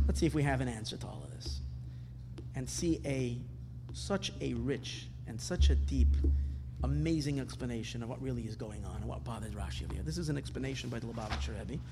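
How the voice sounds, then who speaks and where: A man's voice: medium pitch, fairly quick, pauses often, over music. A man teaching a Torah class, asking questions and rising into emphatic bursts. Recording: hall reverb with faint ambience.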